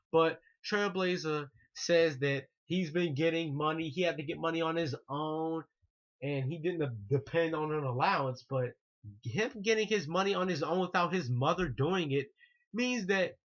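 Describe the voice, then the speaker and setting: An online ranter delivers an indignant vlog monologue, repeating himself and frequently restarting sentences. His voice is on the high side and a bit bright, captured in a muffled lo-fi recording.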